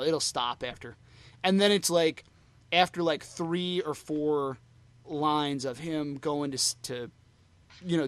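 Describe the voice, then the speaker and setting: A man with a slightly raised pitch chats loosely on a fan podcast. He rambles, circling back with constant "you know" and "like" fillers as he recalls an old concert. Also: a bit bright, no echo. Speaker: podcast co-host. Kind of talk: casual fan podcast chat.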